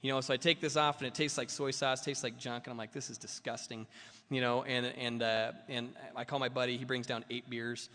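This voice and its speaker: A man's voice: mid-range voice, level tone, brisk, hardly any pauses, sharp tone. A man sharing his personal recovery story at a meeting, rambling and self-mocking with lots of fillers. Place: meeting hall. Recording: long reverb of a meeting hall.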